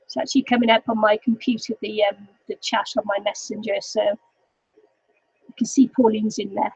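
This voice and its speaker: A woman's voice: medium pitch, flat delivery, moderate pace, breathy edge, no echo. An older woman chatting casually to viewers on a craft live stream, laughing often. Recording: dull lo-fi home recording.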